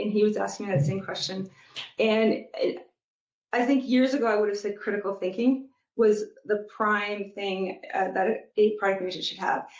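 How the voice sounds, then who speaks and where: A woman's voice: medium pitch, echoey room, dull audio. A woman guest answering interview questions thoughtfully, with frequent ums and restarts. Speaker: guest, product leader and youth soccer coach.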